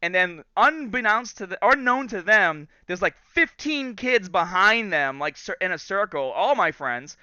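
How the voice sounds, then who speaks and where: A man in his thirties hosting a podcast, telling a story casually and in an animated way, acting out the quotes. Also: sits high, a little slow, hardly any pauses, clear, resonant tone, no echo, highs cut off. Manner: animated storyteller, acts out quotes and laughs often. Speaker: podcast host.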